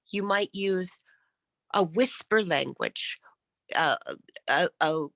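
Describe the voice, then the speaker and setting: Woman speaking coach, crisp diction, lively swoopy pitch, dry close video call sound. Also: takes it slowly, no room sound. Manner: crisp, careful enunciation; demonstrates shifts between loud and whispered speech. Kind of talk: online workshop teaching.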